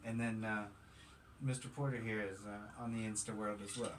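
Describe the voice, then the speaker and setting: A man's voice: fairly low pitch, flat delivery, normal speed. A man who works as a tattoo artist, chatting easygoingly on a podcast. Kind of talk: casual chat. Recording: distant mic with faint noise.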